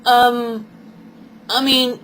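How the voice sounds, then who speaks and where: A British vlogger in her forties rambles through a casual monologue, her voice a little high, level, fairly bright, and very slow. She's chatty and often acts out other people's voices; the audio is poor, with slight background noise.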